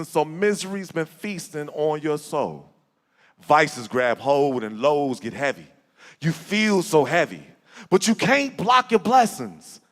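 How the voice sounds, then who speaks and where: A man from Chicago performing spoken-word poetry to a church audience, with a rhythmic, rhyming delivery that rises to shouts. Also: a little high. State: out of breath. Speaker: guest spoken-word poet. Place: church sanctuary with live audience. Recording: echoey hall with audience.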